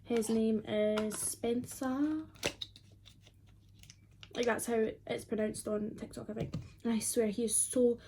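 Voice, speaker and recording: A woman's voice: fairly high pitch, fairly even intonation, slow, long pauses, noisy background. A twenty-year-old woman, chatting casually and rambling with lots of fillers while doing her makeup at home. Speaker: beauty vlogger.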